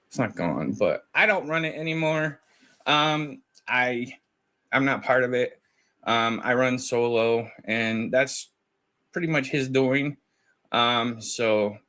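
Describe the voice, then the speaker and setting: A man telling a story in a casual podcast chat, with a voice in a middle pitch. He retells a conversation with energy and plays both people in it. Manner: animated storytelling, acting out both sides of a conversation. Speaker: guest recounting a call.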